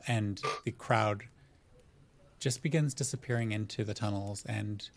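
A man narrating a tabletop game as game master, setting scenes in unhurried, descriptive detail. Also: on the low side, steady tone, background noise.

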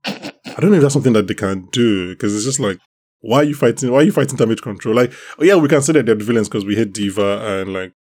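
Rambling low-voiced man hosting a podcast. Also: expressive, fast, darkish tone, slightly rough. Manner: rambling, hesitant, with many restarts. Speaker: podcast host. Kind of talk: casual chat about a TV show.

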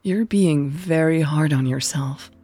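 A caring female best friend who coaxes and asks gently, her voice low and a little husky, as a woman reads her part. She sounds soft and patient. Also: measured pace, soft background music. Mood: gentle. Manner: gentle, coaxing.

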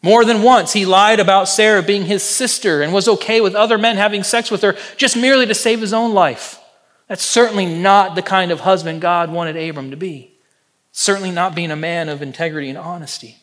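A man preaching with a voice pitched well above most men's. He builds points through loud, emphatic repetition, then lets lines fall to a soft hush. Personal stories run through the sermon. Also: steady tone, a little fast. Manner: storytelling, personal anecdotes. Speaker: pastor.

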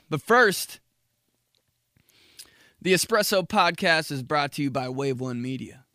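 A young man hosting a casual solo podcast, ranting profanely and acting out mocking quotes in shrill voices. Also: animated, unhurried, pauses often, pushed and bright, no room sound, clean studio sound. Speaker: podcast host.

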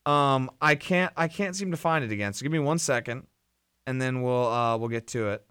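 A man co-hosting a casual film podcast, rambling with lots of restarts and addressing listeners as ladies and gentlemen. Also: medium pitch, moderate pace, clean tone, dry recording, clean studio sound. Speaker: podcast co-host.

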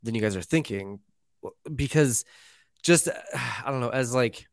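A man's voice: medium pitch, vocal fry, dry recording, clean studio sound. A man co-hosting a casual podcast, stammering into his points with frequent restarts. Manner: halting, stammering restarts, laughs easily. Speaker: podcast co-host. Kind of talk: casual pop-culture discussion.

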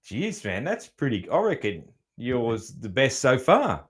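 Australian male podcast host, easygoing, laughs a lot, mid-pitched, relaxed interview chat. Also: slightly rough. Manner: easygoing, laughs often, drawn-out fillers.

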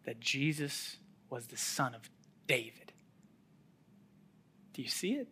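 A man preaching a sermon, telling a scripture story with sudden drops to a near-whisper and rises to loud calls, with chuckling asides. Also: medium pitch, animated, slow pace, pauses often, husky. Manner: chuckles while making light asides.

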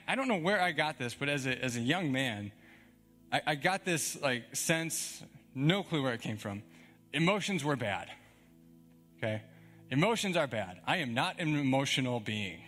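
A man's voice: fairly high pitch, a bit bright. Conversational young male pastor, emphatic. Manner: conversational, emphatic, frequent "like" and chuckles. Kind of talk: sermon.

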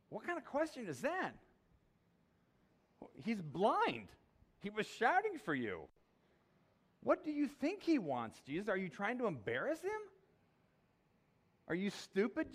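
A man's voice: high voice, huge pitch swings, a little slow, long pauses, a bit bright, voice pushed up, heavily acted. A man voicing an indignant bystander in a crowd who mocks and scolds in a sarcastic, raised voice. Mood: mocking.

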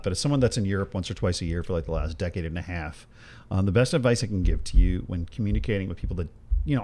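A man co-hosting a podcast, talking in a rambling, sarcastic, animated way. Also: lowish voice. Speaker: podcast co-host. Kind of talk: casual chat.

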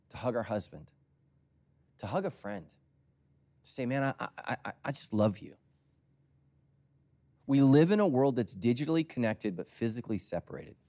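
A man preaching a sermon as a pastor in a conversational, storytelling way, swinging from loud emphasis to near whispers. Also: medium pitch.

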